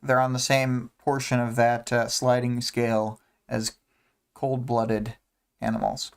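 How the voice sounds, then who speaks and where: Slow, smooth-voiced man chatting casually. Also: mid-range voice, flat delivery. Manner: rambling, many fillers, hums to himself. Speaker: podcast host. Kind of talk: casual chapter discussion.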